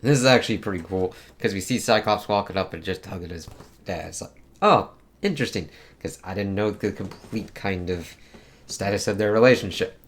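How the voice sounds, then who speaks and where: A man's voice: low-pitched, brisk. A man casually reviewing a comic book, rambling and swearing a lot, with many filler phrases.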